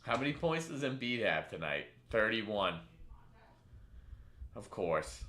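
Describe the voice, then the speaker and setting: A man hosting a live stream, calling a chat horse race with animated play-by-play and banter. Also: fairly low pitch, slow pace, echoey room. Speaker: stream host.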